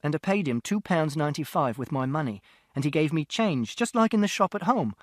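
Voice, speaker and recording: A man's voice: fairly high pitch, expressive, a little fast, no room sound, studio quality. A man narrating an audiobook in the first person, with a precise, literal, methodical delivery.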